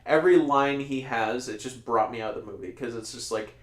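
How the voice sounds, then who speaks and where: A man co-hosting a casual podcast, reviewing a movie in a rambling, animated way and laughing often. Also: medium pitch, brisk, roomy sound. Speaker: podcast co-host.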